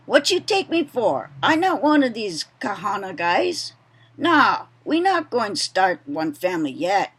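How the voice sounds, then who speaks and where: A woman's voice: medium pitch, very animated, unhurried, fairly bright tone, slightly rough, heavily acted. A woman voicing a brash young male plantation worker, reading his lines out in local pidgin. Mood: defiant. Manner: reads quoted dialogue in local pidgin.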